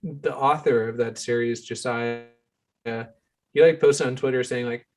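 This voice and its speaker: A man's voice: medium pitch, fairly even intonation, a little slow, a little mellow. A man co-hosting a book podcast, rambling in casual chat with many filler words. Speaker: podcast co-host.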